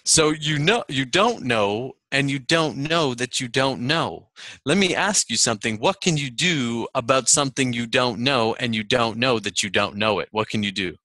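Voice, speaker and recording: A man's voice: medium pitch, moderate pace, dry recording. A man speaking as a motivational speaker at a seminar, telling a personal story with laughs along the way. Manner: storytelling, animated, laughs often. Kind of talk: seminar talk.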